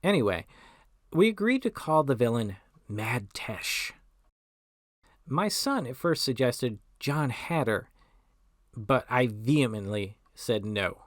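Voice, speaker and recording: A man in his forties hosting a solo podcast. He talks in a wry, self-mocking way, with deadpan asides. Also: medium pitch, slow, no echo, clean studio sound. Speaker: podcast host.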